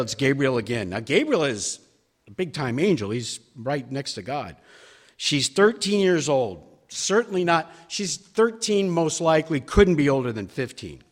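A man of middle pitch leads a church Bible study, stepping through slides as he talks. His delivery is conversational and emphatic, full of fillers and restarts. The sound carries a long reverb from a large church hall. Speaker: Bible class teacher.

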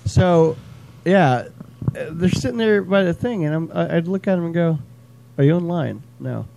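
An American man hosts a casual podcast chat with a mellow, slightly high voice. He jokes and swears freely. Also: moderate pace, creaky, slight background noise. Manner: profane, joking, puts on silly voices. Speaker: podcast host.

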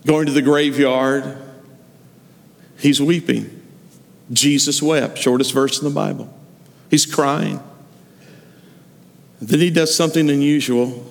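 Preacher guy acting out the stories, kinda high voice, big echoey church. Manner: storytelling, acting out quoted figures. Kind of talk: sermon. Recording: long hall reverb.

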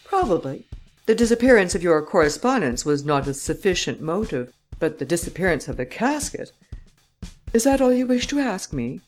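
Woman reading as a suave gentleman thief. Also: on the low side, sing-song, moderate pace, faint music behind, voice pushed up. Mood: cool. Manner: cool, mocking, self-assured. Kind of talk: audiobook character reading.

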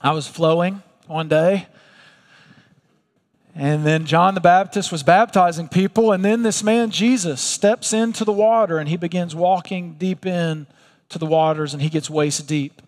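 A man's voice: high-pitched, steady tone, a little slow, darkish tone. A man voicing river water on the witness stand. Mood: calm. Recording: long reverb of a large hall.

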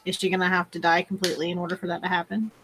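A woman's voice: on the low side, flat delivery, very fast, background noise. A woman playing a tabletop game, plain and direct, partly speaking in character. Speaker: player. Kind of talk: casual tabletop chat and in-character talk.

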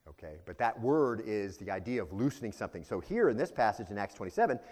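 A male pastor preaching a teaching sermon, often asking rhetorical questions and turning higher and louder when he voices quoted prayers. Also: sing-song, quick pace. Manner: rises in pitch for quoted prayers.

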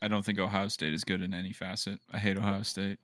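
A man co-hosting a casual sports chat, heckling the others, swearing and laughing loudly. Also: sits low, level tone, fast, no room sound, clean studio sound. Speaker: podcast co-host.

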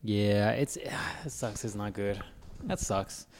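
A man's voice: on the low side, slow pace. A man in casual chat, adding blunt, dismissive quips as a co-host. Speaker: podcast co-host.

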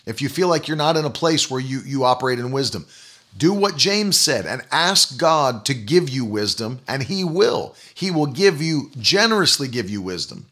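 A man's voice: mid-range voice, very animated, moderate pace, fairly bright tone. A man preaching a sermon, emphatic and repetitive, leading the listeners in spoken declarations. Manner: emphatic, repeats key phrases; leads declarations.

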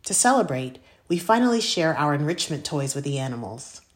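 A woman reading a children's story aloud in the first person, expressive and clear. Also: low voice, a little fast. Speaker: audiobook narrator. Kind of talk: scripted first-person narration.

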